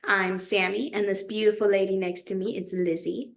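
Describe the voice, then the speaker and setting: Young woman, from Texas, podcast co-host, bubbly, giggly, casual chat, mid-pitched voice. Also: fairly even intonation, normal speed, creaky.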